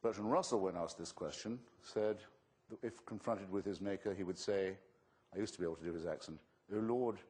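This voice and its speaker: A man, an author, answering an audience question in a debate with sardonic, forceful wit. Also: deep voice, fairly quick, breathy edge. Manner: sardonic, witty, forceful rhetoric.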